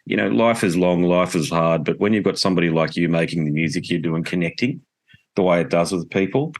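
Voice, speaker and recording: Man, interviewer, very low voice, appreciative and rambling. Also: a little fast. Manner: warm, appreciative, slightly rambling. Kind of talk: casual interview wrap-up.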